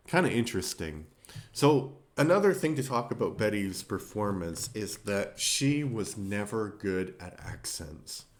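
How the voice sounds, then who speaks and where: A man giving a casual film review, thinking aloud and rambling, with frequent fillers and restarts. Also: lowish voice.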